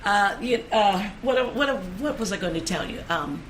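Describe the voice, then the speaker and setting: A woman's voice: medium pitch, animated, moderate pace, a little hiss or hum. A woman telling brash stories in a casual interview, laughing often and acting out what people said to her. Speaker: guest comedian telling stories.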